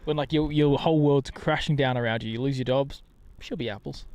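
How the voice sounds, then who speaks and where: A man's voice: medium pitch, darkish tone, a little hiss or hum. A man co-hosting a casual outdoor chat, teasing his friend and pressing him again and again. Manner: teasing, insistent, quick-fire. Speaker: guest co-host. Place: outdoors at an airport.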